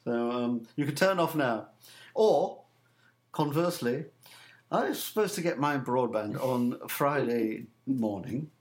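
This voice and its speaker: A man's voice: mid-range voice, lively intonation, a little slow. A man on a casual talk show, telling a story with swearing and laughter. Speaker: co-host. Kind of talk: casual chat.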